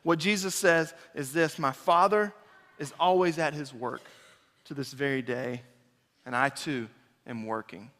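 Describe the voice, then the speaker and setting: A man preaching a sermon, earnest and building to emphatic repeated phrases before dropping quiet. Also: medium pitch, in a large hall. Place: large church sanctuary.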